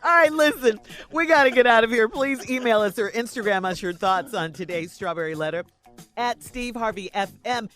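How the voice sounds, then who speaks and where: A woman's voice: fairly high pitch, moderate pace, fairly bright tone, soft background music. A female radio co-host keeping an upbeat pace and steering the segments of a morning show.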